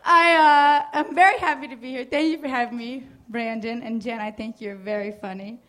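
A woman's voice: fairly high pitch, fairly even intonation, moderate pace, a bit bright. A young woman from New Jersey doing a stand-up comedy set on a club stage, casual and crude, with hesitant fillers and self-mocking asides.

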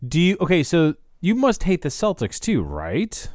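A man's voice: fairly high pitch, huge pitch swings, moderate pace, a little mellow, no room sound, studio quality. A man chatting casually as a podcast co-host in a loose, opinionated way. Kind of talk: casual chat.

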